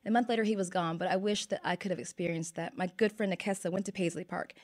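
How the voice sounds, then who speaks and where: A woman journalist guest in a casual chat, telling animated stories about interviews. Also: lowish voice. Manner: fast, storytelling, animated.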